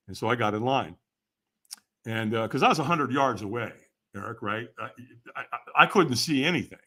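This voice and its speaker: A man's voice: medium pitch, moderate pace, sharp tone. An older man, a podcast guest, telling a story with energy and acting out the voices of the people in it. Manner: acts out quoted voices, laughs often. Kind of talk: animated storytelling.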